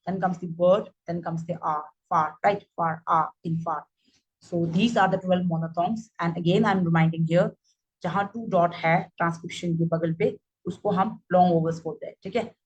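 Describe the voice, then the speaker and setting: A woman's voice: lowish voice, darkish tone, low-quality recording. Woman teaching English vowels. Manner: code-switches between English and Hindi, repeats example words, asks "right?" often. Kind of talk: phonetics lesson.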